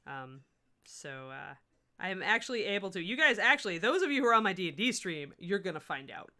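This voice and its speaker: Bright-voiced woman painting on stream. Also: mid-range voice, very animated, a little fast. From Midwest US. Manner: chatty, talks while working, restarts sentences. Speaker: miniature painting host. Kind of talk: livestream painting tutorial, answering chat.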